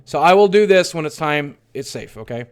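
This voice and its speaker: A middle-aged man telling a painful personal story on his livestream, swearing often and swinging between hushed mutters and loud outbursts. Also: a little high, lively intonation, brisk, smooth. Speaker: streamer.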